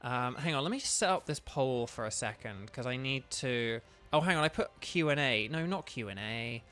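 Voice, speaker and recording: A man's voice: mid-range voice, animated, moderate pace, bright, forceful tone, clear, resonant tone, soft background music. A young man talking casually to his live chat while playing a game, rambling with many fillers and restarts. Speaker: streamer and voice actor.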